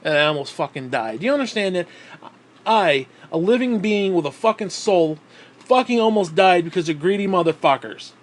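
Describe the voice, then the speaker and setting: A high-voiced man rants into the camera, short of breath, swearing constantly as he vents bitterly. His pitch sits well above most men's. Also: expressive, normal speed. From New York State. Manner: profane, bitter ranting. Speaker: vlogger. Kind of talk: ranting vlog monologue.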